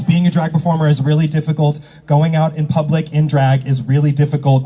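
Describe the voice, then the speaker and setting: A man's voice: fairly high pitch, warm tone, a little hiss or hum, low-quality recording. A man hosting as a drag emcee at an outdoor rally, bantering with the audience in a brash, teasing and profane way. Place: outdoor public square at a rally. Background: faint crowd.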